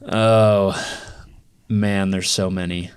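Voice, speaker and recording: Speaking extremely slowly, a young podcast guest tells a personal story in a casual interview. His voice sits low and stays steady, clear and resonant, while the story itself wanders loosely and is full of "like."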